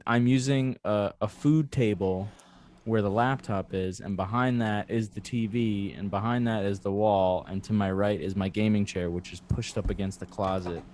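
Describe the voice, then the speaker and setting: A man's voice: lowish voice, fairly even intonation, moderate pace, darkish tone. A man hosting a podcast over a video call, telling a rambling, self-deprecating story from his bedroom with a table mic. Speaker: podcast host. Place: cluttered bedroom at home. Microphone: clamp mic on a table.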